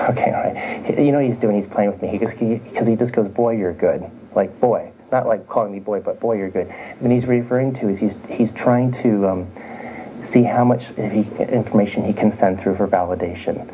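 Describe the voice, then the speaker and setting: Male medium, low voice, conversational reading to sitters that keeps restating points, dull lo-fi recording with faint hiss. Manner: chatty, circling back and restating points. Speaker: psychic medium.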